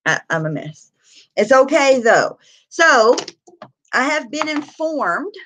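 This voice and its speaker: A woman's voice: sits high, very animated, slow pace, a bit bright, slight background noise. A tired woman talks casually on her live stream, greeting viewers one by one and chatting. She laughs easily and keeps a loose, gossipy tone.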